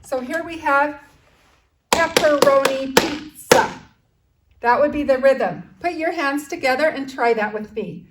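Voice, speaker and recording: A woman's voice: high voice, moderate pace, very noisy. A woman teaching an elementary music lesson to young children, patiently explaining notes and counting rhythms aloud as they clap along.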